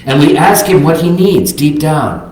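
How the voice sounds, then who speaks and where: A man's voice: on the high side, expressive, normal speed, darkish tone, slight background noise. Older man preaching in an echoey hall. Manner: reflective, earnest, reads quotes aloud. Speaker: minister. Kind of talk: sermon. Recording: very echoey sanctuary.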